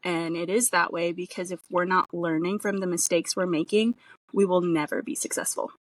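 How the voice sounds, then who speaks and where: A woman's voice: on the low side, level tone, moderate pace, dry recording. A woman coach, a podcast guest, talking in an earnest and emphatic way. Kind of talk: casual chat. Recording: dry, distant from the mic.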